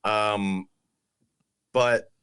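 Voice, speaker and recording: A man co-hosting a podcast in loose, chatty conversation, swearing and jumping up in pitch for emphasis. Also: steady tone, very slow, a bit bright, clean tone. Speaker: podcast co-host. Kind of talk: casual chat.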